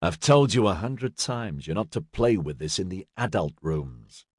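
A man voicing a tired father who gently scolds his young daughters in an audiobook. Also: on the high side, huge pitch swings, very slow, no room sound, studio quality, pitched above the performer's own voice, heavily acted. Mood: scolding. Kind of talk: audiobook character voice.

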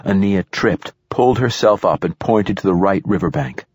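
A man narrating a first-person audiobook in a steady, tense storytelling manner. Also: deep voice, normal speed, slightly rough, dry recording, studio quality.

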